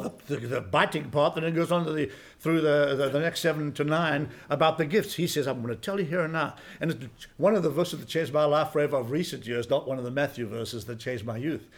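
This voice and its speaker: A man in his sixties preaching a sermon as pastor, folksy and emphatic, swinging from quiet asides to loud exclamations. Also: fairly high pitch, a little fast. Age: 60s.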